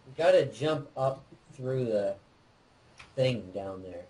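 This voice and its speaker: A man co-hosting a let's play, chatting casually and excitedly while directing his partner through a game. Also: mid-range voice, slow pace, rough recording. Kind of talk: casual gameplay chat.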